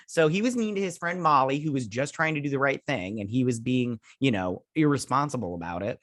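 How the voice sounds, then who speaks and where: A man's voice: medium pitch, animated, fairly quick, hardly any pauses, fairly bright tone, no room sound, studio quality. A man hosting a show, casually recapping and reviewing a TV episode in a rambling way, full of fillers, swearing freely. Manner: rambling retelling, many fillers like "like" and "he's all like".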